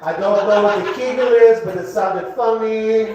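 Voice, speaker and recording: A man in his fifties doing a rambling stand-up set in a comedy club, now and then shouting a punchline. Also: high voice, fairly even intonation, normal speed, hardly any pauses, highs cut off, background noise. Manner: rambling, jokey, breaks into shouted bits. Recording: echoey club recorded from far off. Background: laughing crowd.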